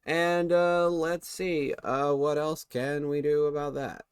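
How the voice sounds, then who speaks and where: A man commentating his own football video game stream play-by-play, relaxed between plays and suddenly excited when something big happens. His voice sits a little high for a man and keeps correcting itself as he talks. The sound is dry and close, with no room around it. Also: slow pace, clear, resonant tone, dry recording.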